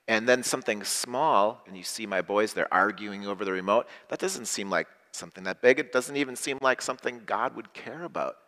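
Pastor with a bright voice in an echoey hall. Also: male voice, fairly low pitch. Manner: slow, simple phrasing with call-and-response prompts. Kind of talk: simplified worship sermon. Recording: echoey hall with long reverb.

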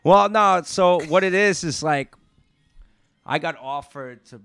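A man's voice: a little high, slow, vocal fry, fairly bright tone, clear, resonant tone, no room sound. A man, a restaurant owner telling stories on a podcast in casual, profane chat and acting out quotes. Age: 30s.

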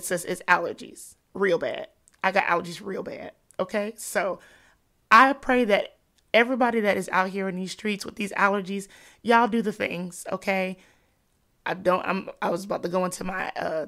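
A woman's voice: mid-range voice, vocal fry, sharp tone. A woman hosting a Christian podcast and chatting casually with her listeners, her voice congested and nasal from allergies. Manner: chatty, calls listeners "sis" and "girl". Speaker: podcast host. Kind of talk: casual faith-based podcast talk.

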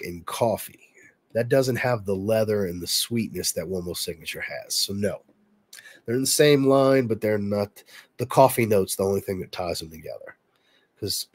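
A man chats casually on a livestream, working through viewer questions at an easy, relaxed pace. His voice sits a little low and sounds stuffy and nasal with congestion. The recording is dry and close, with no room sound. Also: dry recording. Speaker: livestream host.

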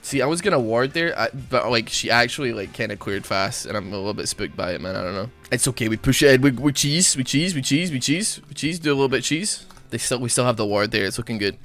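Talking fast with hardly a pause, a young gaming streamer runs through jokey, rambling commentary at his own expense. His medium-pitched voice is a bit bright, with soft music in the background.

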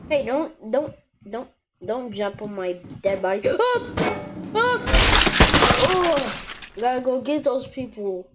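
Woman, gaming commentary, high voice, unhurried but jumpy outbursts, noisy hiss behind. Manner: excitable, frequent loud outbursts and groans. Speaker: gameplay commentator. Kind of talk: live gameplay commentary.

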